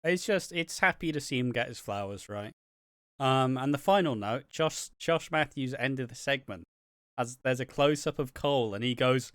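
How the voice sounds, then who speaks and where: A man's voice: medium pitch, animated, measured pace, bright, forceful tone, dry recording, clean studio sound. A man co-hosting a wrestling review podcast, chatting casually with sarcastic, sweary asides and frequent laughs. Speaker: podcast co-host.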